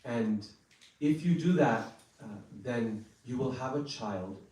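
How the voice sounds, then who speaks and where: A man telling a scripture story in a sermon in a temple hall, speaking in a measured, deliberate way. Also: medium pitch, a little mellow, far from the mic. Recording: echoey temple hall from afar.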